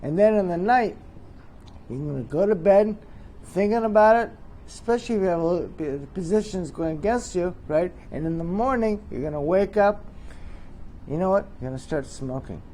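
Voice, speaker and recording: A man's voice: sits high, animated, moderate pace, warm tone, a little hiss or hum. A middle-aged man hosts a joking mock interview, rambling and teasing with chuckling asides. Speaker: host.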